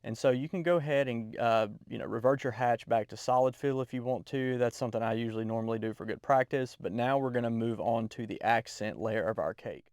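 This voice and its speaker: A man in his ordinary middle register walks through a drawing tutorial, relaxed and step by step, dropping the odd "uh". His voice is recorded dry and close, with no room sound at all. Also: medium pitch, fairly quick, hardly any pauses, dry recording. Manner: relaxed, explains step by step with fillers.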